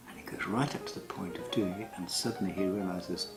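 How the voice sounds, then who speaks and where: A man with a clipped British RP accent, a stage actor in an archival interview clip, explaining verse and reciting lines theatrically, swinging from loud to hushed. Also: low voice, steady tone, brisk, hardly any pauses, loud music behind the voice, poor audio.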